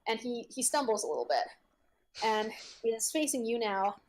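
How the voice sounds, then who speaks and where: A woman narrating as game master of a tabletop game. She talks haltingly, with many fillers and frequent laughs. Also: fairly high pitch, very animated, slight background noise.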